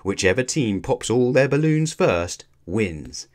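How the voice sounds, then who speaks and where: A cheerful, encouraging schoolgirl, read by a man with a low voice. She calls out to her classmates with friendly energy in a storybook. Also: big pitch swings, measured pace.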